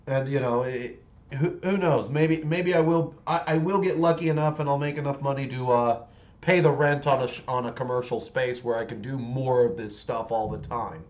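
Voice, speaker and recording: A man's voice: mid-range voice, fairly even intonation, normal speed, a little mellow, lo-fi sound. Rambling, chatty man streaming his hobby. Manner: rambling and chatty, with many restarts. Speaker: livestreamer painting miniatures. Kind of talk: casual livestream chat.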